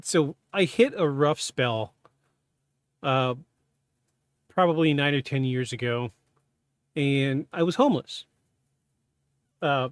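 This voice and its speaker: A man hosting a podcast, telling a personal story in a halting, candid, self-interrupting way. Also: mid-range voice, no echo, studio quality. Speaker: podcast host. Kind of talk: casual storytelling.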